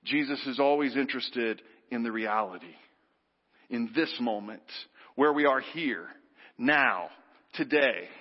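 A man's voice: medium pitch, unhurried. Preaching man in an echoey church. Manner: animated, leads the congregation in call-and-response. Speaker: pastor. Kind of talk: sermon. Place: church sanctuary. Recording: dull sound with long hall reverb. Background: congregation.

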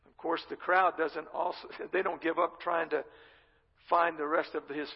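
A man's voice: a little high, little pitch movement, moderate pace, creaky, slightly rough. A male pastor preaching a sermon, retelling a scripture story in his own conversational words. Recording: reverberant dull-sounding hall.

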